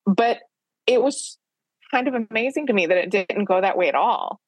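A woman author being interviewed, speaking frankly and self-deprecatingly with quick asides. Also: medium pitch, lively intonation, slightly rough, dry recording. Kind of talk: candid conversational storytelling.

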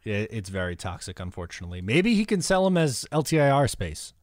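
A man's voice: on the low side, fairly quick, no echo, studio quality. A man co-hosting a casual podcast chat, joking and teasing. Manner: lively, joking, mocking. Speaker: co-host.

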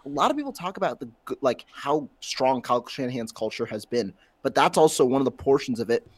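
Male podcast host, quick delivery, fairly high voice, dry close sound. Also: expressive, no room sound. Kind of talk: casual podcast chat.

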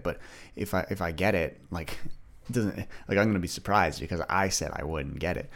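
A man's voice: sits low, brisk, creaky. A young man hosting a solo podcast, talking casually and rambling with many restarts. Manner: rambling, chatty, frequent restarts and "like". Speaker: podcast host.

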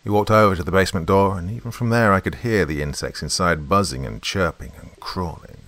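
A man's voice: low-pitched, fairly quick, a bit bright, dry recording. A man narrating a horror story in the first person, in a tense, dramatic way.

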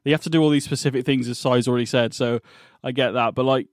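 A man's voice: medium pitch, steady tone, fast talker, no echo, clean studio sound. A man co-hosting a podcast, chatting casually about a TV episode and rambling and correcting himself as he thinks aloud. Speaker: podcast co-host. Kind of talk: casual chat reviewing a TV episode.

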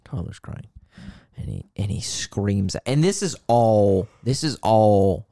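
A man with a low, gravelly voice tells a personal story on a podcast, earnest and candid. The sound is dry and close, with no room around it. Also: lively intonation, takes it slowly, dark tone, no room sound. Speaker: podcast co-host. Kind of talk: casual podcast conversation.

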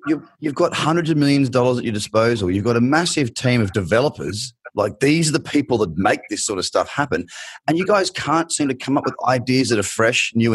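A man's voice: medium pitch, slightly rough, no echo. A man hosting an interview, talking animatedly and acting out the people he quotes. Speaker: podcast host. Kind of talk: conversational interview.

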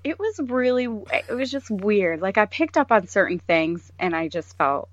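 A woman's voice: medium pitch, sing-song, moderate pace, no echo. A woman in her thirties co-hosting a podcast, telling a story in casual chat and mimicking others in quoted voices. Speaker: podcast co-host. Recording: dull lo-fi sound.

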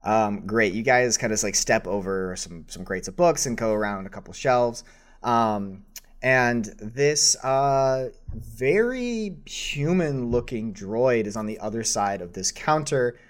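A man's voice: medium pitch, unhurried. A man running a tabletop game as game master, describing scenes in a casual, rambling way with many fillers.

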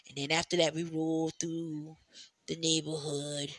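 In a casual solo chat, a podcast host tells loose stories, swearing freely, laughing often, and wandering through rambling asides packed with "you know"s. The voice is mid-range and flat, a little slow and slightly bright, on a dry recording.

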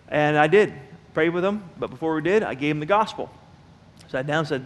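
Folksy preaching man, slightly high voice. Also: brisk. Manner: folksy storytelling, speaks directly to the congregation. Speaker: pastor. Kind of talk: sermon. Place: church sanctuary.

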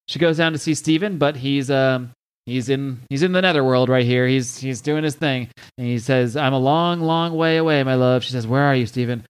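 A man hosting a podcast, retelling a comic story in a relaxed, chatty way. He swears freely and reads the characters' lines in loose put-on voices before sliding back into his own easy tone. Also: medium pitch. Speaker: podcast host recapping a comic. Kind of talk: casual recap with read-out dialogue.

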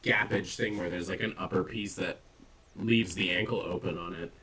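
A man's voice: low voice, steady tone, normal speed, sharp tone, recorded from a distance, slight background noise, rough recording. A man chatting casually as a podcast co-host, rambling and swearing often with self-mocking humor. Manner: rambling, profane, self-deprecating. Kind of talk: casual chat.

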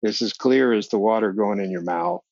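A man's voice: fairly low pitch, normal speed, no room sound, dull audio. An older man, a podcast guest, telling long stories in a casual interview and acting out the voices of the people he quotes, with frequent laughs. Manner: animated storyteller, acts out quoted voices, laughs often.

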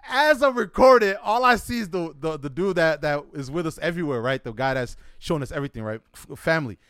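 An American man telling a story in a casual chat, animated and acting out what people said. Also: on the high side, clear, resonant tone, dry recording, clean studio sound. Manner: animated, acts out quotes, fast with frequent "right?". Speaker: storyteller guest.

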